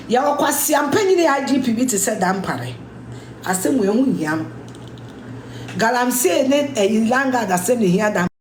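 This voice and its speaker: A woman's voice: sits high, echoey room, slight background noise. A Ghanaian woman giving a scolding, emphatic rant, speaking English mixed with Twi and repeating her points. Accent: Ghanaian English, mixing in Twi. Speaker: commentator. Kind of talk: ranting social media commentary.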